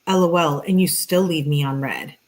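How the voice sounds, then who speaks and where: A young adult woman with a low voice, speaking at normal speed, reads text messages between two people as a true crime host. She delivers both sides flatly and cuts in with sarcastic asides.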